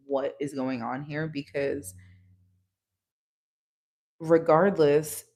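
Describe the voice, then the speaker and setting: Frank, chatty woman tarot reader. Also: deep voice. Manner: frank, chatty and laughing, with casual swearing and slang. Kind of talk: casual tarot reading chat.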